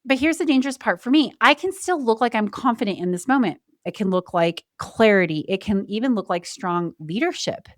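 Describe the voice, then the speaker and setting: A woman hosting a solo podcast, speaking candidly and reflectively. She slows down and pauses deliberately to stress her points. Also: medium pitch, expressive, no echo, studio quality. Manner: candid and emotional, with brief laughs. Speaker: podcast host.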